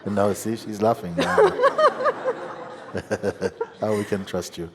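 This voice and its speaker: A man giving a satsang teaching as a spiritual teacher, gentle and unhurried, often breaking into laughter. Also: fairly low pitch, steady tone, a little hiss or hum. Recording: long hall reverb with faint ambience.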